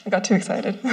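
Tearful young woman giving a speech. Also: on the high side. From born in South Korea, raised in the US. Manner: tearful, laughing through tears, many ums. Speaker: first-year medical student. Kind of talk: emotional ceremony speech. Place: ceremony stage.

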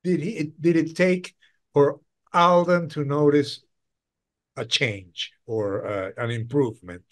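A male interviewer with a somewhat high voice. He checks what he has heard through short follow-up questions. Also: slow, a bit bright.

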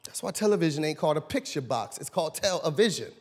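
A man pastor preaching a sermon, swinging between loud shouted lines and low quiet asides. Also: animated, fast talker, husky. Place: church sanctuary. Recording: long reverb in a large church hall.

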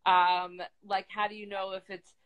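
A woman's voice: medium pitch, level tone, a bit bright, clean tone, rough recording. A woman hosting a casual live video chat, asking questions in a hesitant way with lots of restarts. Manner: hesitant, halting, many restarts. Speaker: host. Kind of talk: casual live-stream conversation.

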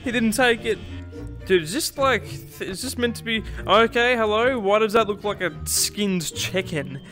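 A young man with a high, slightly cracky voice narrates his gameplay. He jokes with the game's figures, swears freely, and yelps when something jumps at him. Faint music plays behind him. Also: animated, moderate pace, sharp tone. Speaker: streamer. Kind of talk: excitable gameplay commentary.

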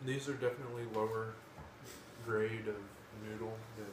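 A laid-back man chats casually at home, halting now and then. He is heard from far off the mic. An echoey room carries his words, and clear background noise sits behind them. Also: fairly low pitch, level tone. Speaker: vlogger's boyfriend. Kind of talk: casual chat. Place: home, indoors. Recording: distant, echoey and noisy.

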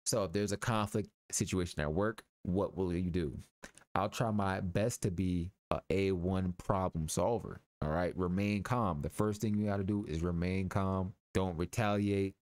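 A young man talks through a game in a relaxed, joking way, full of slang and the odd curse. His voice sits very low. The sound is dry, with no room echo. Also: normal speed. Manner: loose, joking, slangy asides with swearing. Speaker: gaming YouTuber. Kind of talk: casual let's-play commentary reading game text aloud.

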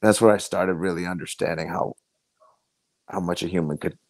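A man with a low, deep voice recounts his life as a podcast guest. He speaks earnestly and haltingly, often restarting his sentences. The sound is close and dry, with no room around it. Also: steady tone, no room sound. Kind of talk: personal storytelling in conversation.

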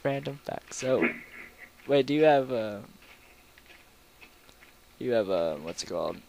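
A young man commentating a video game in a casual, rambling, goofy way, with sudden loud outbursts. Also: mid-range voice, lively intonation, takes it slowly, vocal fry, noisy background. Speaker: gameplay commentator.

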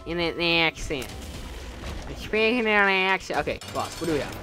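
A young man with a fairly high voice talks through a video game in a loose, rambling way. He corrects himself often and hums little tunes to himself, with faint music playing underneath. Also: animated, normal speed. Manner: rambling and self-correcting, humming and joking to himself. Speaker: gaming channel host. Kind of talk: casual let's-play commentary.

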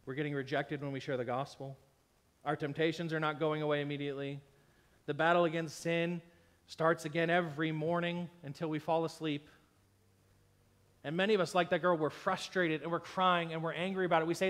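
A man's voice: fairly high pitch, steady tone, a little fast, a bit bright. A man preaching a sermon as pastor, emphatic, acting out imagined complaints in quoted voices, sounding a little unwell and tired. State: unwell, tired with stomach ache.

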